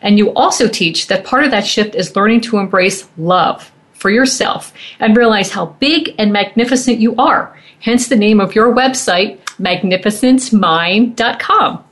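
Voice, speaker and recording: A woman radio show host in a measured, admiring tone, reading a prepared introduction for her guest. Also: medium pitch, a bit bright. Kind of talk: scripted interview introduction.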